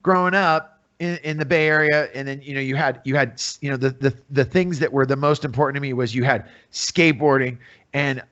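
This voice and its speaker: A man's voice: medium pitch, brisk, dull audio. A middle-aged American man, a musician and comedian, telling stories as a podcast guest and acting out the people in them. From USA. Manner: animated storyteller, acts out voices in quotes. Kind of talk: casual storytelling interview.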